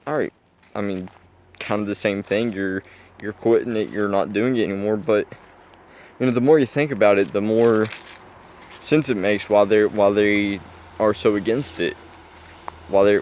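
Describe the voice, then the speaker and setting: Young male vlogger, low voice, casual rambling delivery full of fillers, dull lo-fi recording. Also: darkish tone, slight background noise. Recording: dull lo-fi sound.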